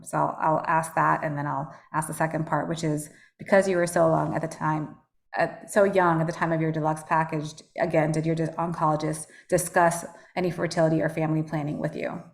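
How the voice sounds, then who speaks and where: A woman moderates an online panel discussion in a low, gravelly voice. She speaks in an even, flat tone and pauses often with fillers as she hands questions to the panelists. She is heard over a video call. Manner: hesitant, with frequent fillers.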